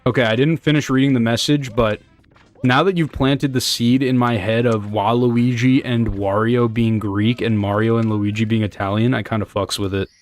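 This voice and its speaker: A man's voice: mid-range voice, steady tone, moderate pace, faint music behind. A young man chatting loosely with his live chat while speedrunning, rambling and joking and swearing casually as he reads messages. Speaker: streamer.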